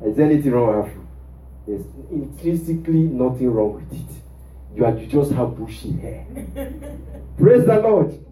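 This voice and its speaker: A man's voice: medium pitch, animated, normal speed, long pauses, warm tone, far from the mic. A male pastor preaching a sermon in a church, prompting the congregation with rhetorical "what?" questions. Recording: roomy church sound from off mic.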